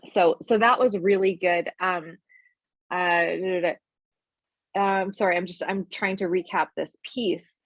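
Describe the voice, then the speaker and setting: A woman's voice: fairly low pitch, fairly even intonation, a little slow, dry recording. A woman hosting a leadership study call, talking in a chatty way with many restarts and fillers. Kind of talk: casual group discussion.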